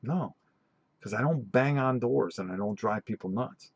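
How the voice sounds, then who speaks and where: A middle-aged man hosting a tabletop gaming channel, telling stories in a rambling, animated way with many restarts during a live-stream chat. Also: on the low side, normal speed, husky, no room sound, muffled recording.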